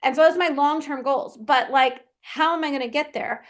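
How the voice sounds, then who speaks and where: A woman's voice: high-pitched, moderate pace. A woman coach talking casually in a solo Q&A, chatty, with frequent "right?" tags and restarts. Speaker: performance coach and physical therapist.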